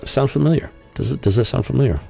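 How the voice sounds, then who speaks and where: A man's voice: medium pitch, fast talker, creaky, darkish tone, breathy edge, faint music behind. A man hosting a live stream, commenting casually and rambling with lots of fillers and incredulous asides. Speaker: podcast host.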